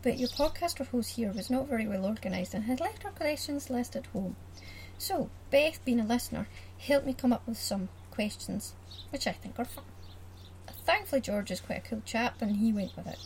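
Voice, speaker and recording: Chatty Highland woman with a phone mic. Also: animated, normal speed, darkish tone, slight background noise. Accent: Scottish Highland. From Caithness, Scotland. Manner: chatty and giggly, teasing. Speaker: podcast host interviewing at a festival. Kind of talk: casual interview. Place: outdoor-ish busy festival hall. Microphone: phone held by interviewer.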